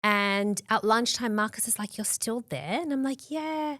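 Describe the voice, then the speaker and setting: In a dry, studio-quality recording, a fairly high-voiced Australian woman in her forties speaks a little slowly as a podcast guest. She tells her story openly and animatedly, peppering it with "like" and performing the lines she quotes.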